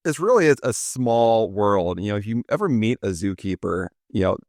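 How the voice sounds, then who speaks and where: A man's voice: fairly low pitch, lively intonation, moderate pace, a little mellow, no room sound, studio quality. A man in his forties hosting a podcast, telling stories in a chatty, jokey, self-deprecating way. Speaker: podcast host. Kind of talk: casual storytelling chat.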